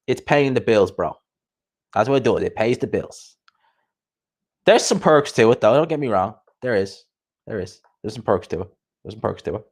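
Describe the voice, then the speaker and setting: Laughing, swearing man. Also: fairly low pitch. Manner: chatty, swearing, laughing often, repeats himself. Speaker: host. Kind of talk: casual livestream chat.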